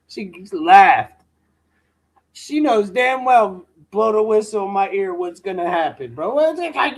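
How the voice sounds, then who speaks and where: Very high-voiced man telling rambling stories. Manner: profane, slangy, rants full of "bro" and "dude". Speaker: live-stream host. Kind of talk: casual rambling storytelling.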